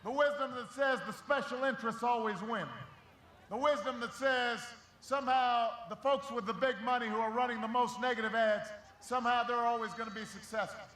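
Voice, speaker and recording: Man, campaign rally speech, rousing and shouted, bright tone, faint ambience. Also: very high-pitched, steady tone, brisk, reverberant, slight background noise. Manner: rousing, shouting over a crowd. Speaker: political speaker at a rally. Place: large rally venue.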